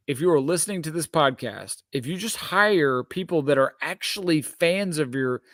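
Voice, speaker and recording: Animated ranting man, dry close mic. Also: on the high side, no echo. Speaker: podcast co-host. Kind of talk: casual sneaker chat.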